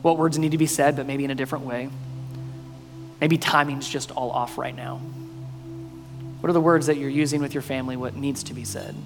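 A male pastor preaching a sermon, mostly earnest and quiet, breaking now and then into loud, playful bursts. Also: medium pitch, steady tone, fairly quick, long pauses. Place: church sanctuary. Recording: long reverb in a hall, faint music.

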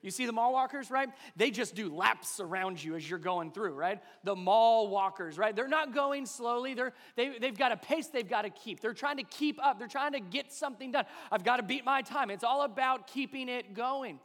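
A pastor in his thirties preaching a sermon, shifting between animated storytelling and soft, slow emphasis. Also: extremely high pitch. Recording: long hall reverb.

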